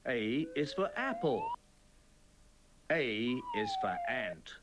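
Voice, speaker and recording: A man presenting a children's TV reading lesson, speaking slowly and clearly in an encouraging, sing-song way. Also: on the high side, wildly swooping pitch, background noise.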